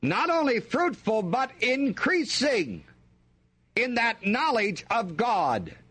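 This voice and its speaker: Male preacher, sermon delivery, slow and emphatic, asks the congregation to fill in the words. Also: very high voice, very animated, a bit bright, slightly rough. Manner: emphatic, call-and-response questions to the congregation.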